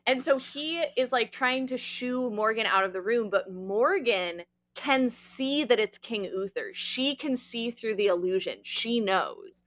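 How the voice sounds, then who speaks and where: Bright-voiced woman swearing through a film recap. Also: on the high side, lively intonation, measured pace, few pauses. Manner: profane, laughing, acts out characters' lines. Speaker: podcast co-host. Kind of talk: casual film recap chat.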